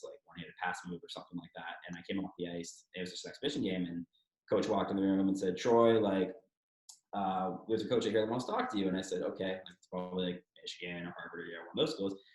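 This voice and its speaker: A man's voice: deep voice, steady tone, fast. A man from Toronto in his thirties, telling his story candidly as an interview guest, swearing freely and acting out what others said. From Toronto, Canada. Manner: candid, swears freely, acts out quoted speech. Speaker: guest, former hockey player. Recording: echoey room.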